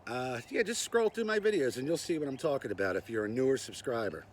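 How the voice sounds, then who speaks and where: A man's voice: mid-range voice, animated, quick pace, slight background noise. An older man hosting a casual knife and gear review vlog, chatty and self-deprecating with lots of "uh" and "anyway.". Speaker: knife review channel host.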